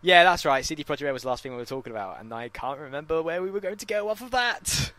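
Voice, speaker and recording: A man with a slightly higher voice trading sarcastic, blunt remarks in a casual podcast. His pitch moves a lot, and his tone is bright and forward. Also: lively intonation, fast talker. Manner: sarcastic, swears, blunt opinions. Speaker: podcast co-host. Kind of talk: casual chat.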